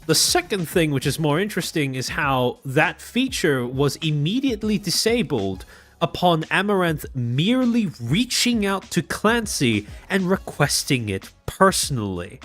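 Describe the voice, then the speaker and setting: A man's voice: fairly high pitch, sing-song, a little slow, fairly bright tone, soft background music. A man with an Australian accent, hosting a live stream and giving sardonic, rambling commentary. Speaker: streamer host.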